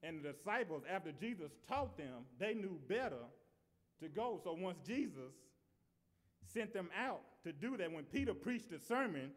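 A man's voice: sits high, very animated, normal speed. A man. He talks in a conversational way, often repeating and restarting his phrases as he goes. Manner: conversational preaching with repetitions and restarts. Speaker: preacher. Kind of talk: sermon.

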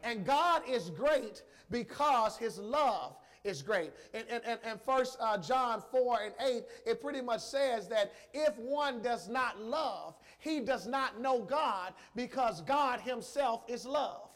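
A man's voice: extremely high pitch, animated, fairly bright tone. A man preaching a sermon, emotional and emphatic, repeating phrases and calling out to the congregation. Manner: emphatic, repetitive, slow emphasis; emotional, addresses congregation directly.

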